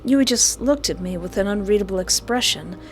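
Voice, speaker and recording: A woman's voice: mid-range voice, brisk, a little hiss or hum. Woman narrating a visual novel. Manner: animated, playfully sarcastic. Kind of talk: reading a visual novel aloud with jokey asides.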